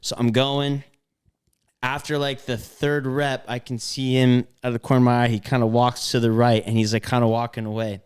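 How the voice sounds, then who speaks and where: A man co-hosting a podcast, telling a story in casual chat, animated and profane with lots of fillers. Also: mid-range voice, brisk, clean tone. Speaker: podcast co-host.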